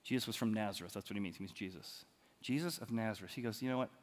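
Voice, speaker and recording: A man preaching a sermon, animated, moving from loud emphatic lines to quiet ones. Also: fairly low pitch, fast talker. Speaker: pastor. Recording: long hall reverb.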